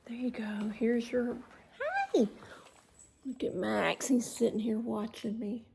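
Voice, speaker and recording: A woman's voice: fairly high pitch, little pitch movement, slow, gravelly, dark tone, a little hiss or hum. A middle-aged woman, rambling casually through a home vlog in her living room and often trailing off to start over. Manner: rambling, chatty, trails off and restarts. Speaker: vlogger.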